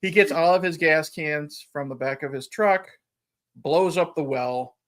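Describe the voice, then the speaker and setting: A man's voice: fairly high pitch, unhurried, fairly bright tone. A man hosting a podcast, retelling a film in a rambling, chuckling casual chat. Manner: rambling, chuckling retelling with frequent "you know". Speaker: podcast host.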